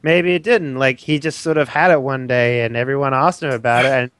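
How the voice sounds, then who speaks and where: A man's voice: medium pitch, fairly even intonation, fairly quick, a bit bright, clear, resonant tone, no room sound. A man playing in an online tabletop game, talking casually with many fillers and restarts. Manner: rambling, hesitant, lots of fillers. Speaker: player.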